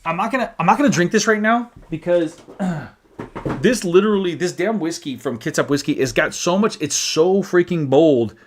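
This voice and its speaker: A man's voice: high voice, lively intonation, normal speed. Casual man hosting a whiskey live stream. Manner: chatty, reads viewer comments aloud, stumbles and restarts. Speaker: whiskey channel host.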